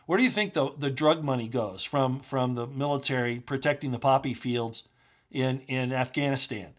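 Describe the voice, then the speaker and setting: A man hosting his own channel, delivering an impassioned political monologue that builds from subdued to heated, full of rhetorical questions. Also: moderate pace. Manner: starts low and subdued, grows loud and agitated, rhetorical questions. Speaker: commentary channel host.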